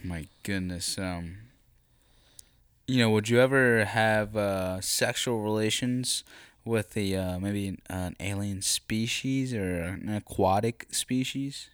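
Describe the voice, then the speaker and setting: Low-voiced, fumbling male interviewer. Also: slow pace, fairly bright tone, clean tone, no room sound, clean studio sound. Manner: hesitant, fumbling, fussy exclamations. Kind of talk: comedic interview.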